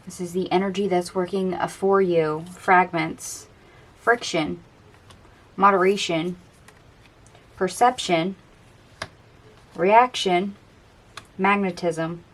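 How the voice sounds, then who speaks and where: A woman giving a casual tarot card reading, chatty and dreamy, musing aloud over the cards in a gentle, encouraging way. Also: lowish voice, steady tone, slow, pauses often. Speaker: tarot reader.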